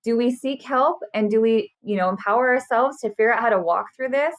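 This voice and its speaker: A woman's voice: on the high side, fairly quick. A woman in her thirties, a burnout specialist, talking earnestly and animatedly as a podcast guest. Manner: earnest, animated, acts out quotes. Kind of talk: casual interview chat.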